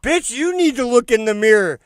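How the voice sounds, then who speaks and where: A man's voice: very high voice, lively intonation, a little fast, slight background noise. A man hosting a livestream, jeering and laughing as he mocks the clips he plays, with frequent profanity. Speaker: livestream host reacting to clips. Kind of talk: mocking reaction commentary.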